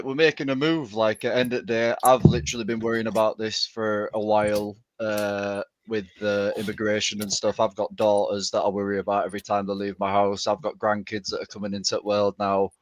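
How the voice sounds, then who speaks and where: A man's voice: lowish voice, level tone, a little fast, hardly any pauses, no room sound. A man, calling in to a live stream and speaking with rousing passion over a video call. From England. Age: 30s. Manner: impassioned, rousing. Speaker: caller.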